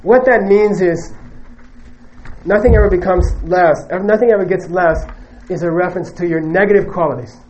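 A man's voice: high-pitched, normal speed, a little mellow, lo-fi sound, a little hiss or hum. A man giving a Buddhist teaching to a live audience, conversational and joking, who often stops to check in with "okay?" and "you know". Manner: joking, emphatic asides.

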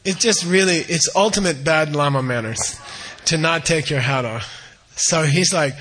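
A man telling a teaching story in a casual, animated, rambling way with many fillers. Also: on the high side, unhurried, few pauses, slightly rough.

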